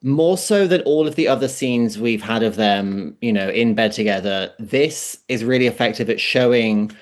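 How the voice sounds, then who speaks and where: A man co-hosting a podcast in casual chat, expressive and acting out quotes. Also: mid-range voice, moderate pace. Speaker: podcast co-host.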